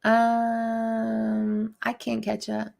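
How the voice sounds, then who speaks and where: Woman host, unhurried gravelly voice, chatty with frequent laughs, live-stream banter. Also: fairly high pitch, monotone, a little mellow. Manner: chatty, laughs often, many fillers. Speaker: livestream host. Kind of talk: casual live chat reading viewer comments.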